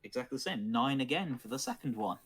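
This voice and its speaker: A man acting as dungeon master, calmly narrating dice rolls and the action of a tabletop game. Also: medium pitch, fast, background noise.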